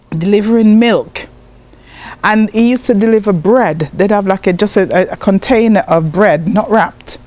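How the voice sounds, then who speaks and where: Animated woman from Jamaica telling stories. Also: fairly high pitch. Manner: animated, acts out remembered voices, laughs often. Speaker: guest, poet and writer. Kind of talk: personal storytelling in an interview.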